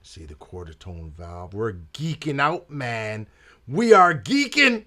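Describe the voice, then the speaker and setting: Channel host, male, slow storytelling with a lively, swinging pitch and jazz slang. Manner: laid-back jazz slang, says "man" and "you dig". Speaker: trumpet player and channel host. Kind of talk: casual storytelling vlog.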